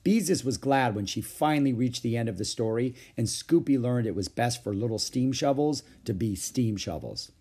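A man reading a children's book aloud with expressive storytelling. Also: mid-range voice, moderate pace, few pauses, slightly rough. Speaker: storybook reader.

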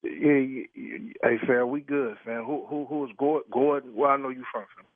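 A man's voice: mid-range voice, fairly even intonation, normal speed, no echo. A tired truck-driving man talking on the phone in blunt street slang, swearing and demanding to know who is calling. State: tired from work. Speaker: prank call target, truck driver. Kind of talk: phone conversation. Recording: tinny phone line.

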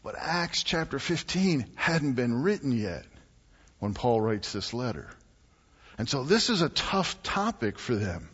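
A man preaching a sermon as pastor, telling stories and acting out quotes with animated delivery. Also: medium pitch, unhurried, slightly rough. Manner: animated storytelling with acted-out quotes. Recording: muffled sound in a reverberant hall.

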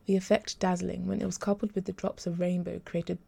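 A woman author reading her own story aloud in an even, measured audiobook narration. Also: lowish voice, vocal fry, breathy edge.

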